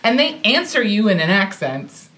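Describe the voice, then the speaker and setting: An American woman casually telling a personal story on a podcast, animated and self-deprecating, laughing often as she talks. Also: medium pitch, normal speed. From United States.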